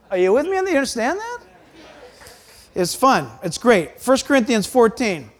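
A man preaching a sermon as pastor, emphatic and animated, acting out quoted voices. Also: very high-pitched, moderate pace.

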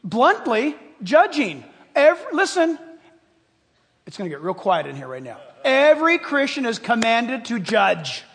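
A man's voice: extremely high pitch, unhurried, long reverb tail. A male pastor preaching a sermon, talking straight to his congregation with humorous asides. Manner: animated, addresses congregation directly, humorous asides.

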